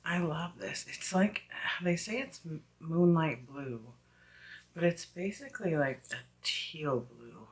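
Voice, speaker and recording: A woman with a slight Southern US accent talking through a wig review at home, chatty and often dropping into soft whispered asides. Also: lowish voice, expressive, measured pace, vocal fry. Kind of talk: casual product review vlog.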